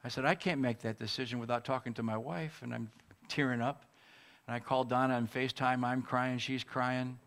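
A man who is a pastor, preaching a sermon and telling a personal story in an earnest, emotional way with pauses. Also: medium pitch, fairly even intonation, a bit bright.

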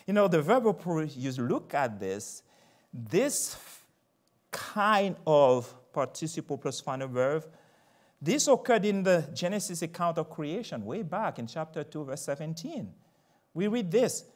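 An older man preaching a sermon emphatically, moving from quiet asides to loud proclamations. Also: a little high, sing-song, unhurried.

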